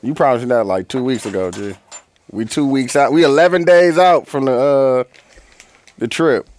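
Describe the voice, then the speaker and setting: A man's voice: medium pitch, normal speed, a little mellow. A man co-hosting a podcast, teasing and laughing in casual banter. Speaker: podcast co-host. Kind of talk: casual chat.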